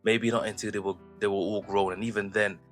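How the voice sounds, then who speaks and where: Brief: British male vlogger, lowish voice, chatty rhetorical commentary, faint music under. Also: little pitch movement, fairly quick. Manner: conversational, asks rhetorical questions. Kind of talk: casual commentary.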